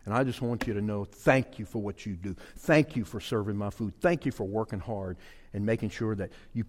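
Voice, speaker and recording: A middle-aged man preaching a sermon, telling a folksy personal story with animated swings and loud bursts. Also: lowish voice, a little fast. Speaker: pastor. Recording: long hall reverb.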